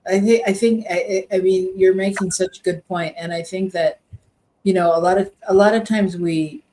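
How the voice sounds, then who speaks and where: A woman's voice: medium pitch, steady tone, moderate pace, warm tone, low-quality recording. A woman co-host of a spiritual talk show, chatting and telling a story with frequent restarts.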